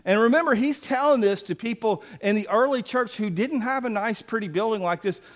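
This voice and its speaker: High-voiced folksy preacher. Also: male voice, fairly quick. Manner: folksy, emphatic preaching with playful asides. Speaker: pastor. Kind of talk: sermon.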